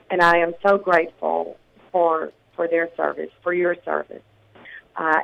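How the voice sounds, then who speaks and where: Sounding muffled, a sixty-something Tennessee candidate for Congress speaks on a radio interview, offering earnest, measured campaign answers broken up by frequent ums and restarts. The medium-pitched voice is bright and forceful yet slightly rough with early-morning gravel.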